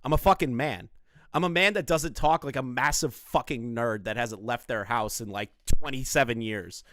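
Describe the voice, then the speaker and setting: A man's voice: medium pitch, normal speed, fairly bright tone, no room sound, studio quality. A man doing casual live-stream commentary on online drama, crude, profane and mocking in his delivery.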